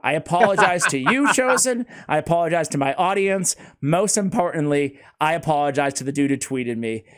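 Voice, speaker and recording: An excitable man hosting a casual gaming chat. His voice sits a little high and jumps around a lot in pitch, and he laughs often. He keeps tossing in "man" and "dude" like he's talking to a friend. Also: moderate pace, hardly any pauses. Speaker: host.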